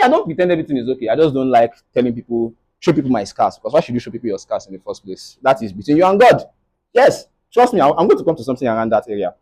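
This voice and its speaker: A young Nigerian man, speaking Nigerian English in a slightly high, darkish voice, gives an inspirational faith talk to a live audience. His style is preacherly, often punctuated by "right?", and the audio quality is poor.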